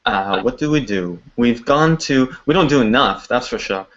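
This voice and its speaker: A man's voice: mid-range voice, lively intonation, moderate pace, fairly bright tone. A man who makes a web series, talking in a video call interview in an upbeat, chatty way with lots of fillers. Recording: dull lo-fi call audio.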